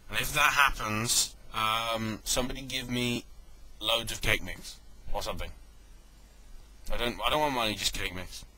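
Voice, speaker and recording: A man talks through a casual review in a rambling way, often stopping to correct himself and toss in jokey asides. His voice is very bright and sharp, with a faint hiss of noise underneath. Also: medium pitch, normal speed, low-quality recording. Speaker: wrestling event reviewer.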